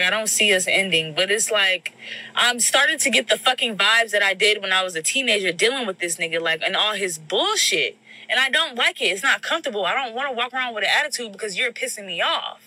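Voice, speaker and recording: A woman's voice: mid-range voice, sharp tone, rough recording. A young woman telling a casual storytime vent about her boyfriend, blunt and swearing, acting out the people she quotes. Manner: blunt, swearing, exasperated retelling with quoted voices.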